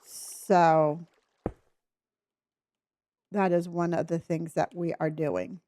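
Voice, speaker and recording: A woman's voice: on the low side, fairly even intonation, very slow, dark tone, no room sound, studio quality. An older woman streaming a building game, chatting with her viewers and thinking aloud as she works. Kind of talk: casual live-stream chat while building.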